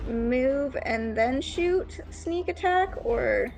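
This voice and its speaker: Hesitant, high-voiced woman player. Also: animated, extremely slow, vocal fry, a little mellow. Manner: hesitant, unsure, many ums.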